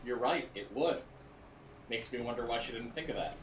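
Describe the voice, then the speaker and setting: A man's voice: mid-range voice, expressive, moderate pace. A man gaming with friends, teasing them in a dry, sarcastic way. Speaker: player. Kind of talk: casual gaming chat. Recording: echoey, distant, noisy mic.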